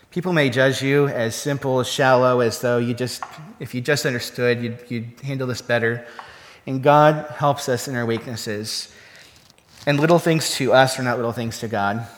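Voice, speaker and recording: A male pastor delivers a sermon in an easy, talky manner, and he keeps turning to his listeners with questions. His voice sits at an ordinary middle pitch. The sound carries a long reverb, as if it were recorded in a big hall. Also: a bit bright. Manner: conversational, asks the congregation rhetorical questions.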